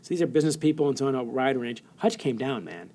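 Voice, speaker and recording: A middle-aged American man telling stories as a guest in an interview, animated and laughing often while he acts out quotes. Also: medium pitch, fast talker. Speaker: author guest. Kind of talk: storytelling interview.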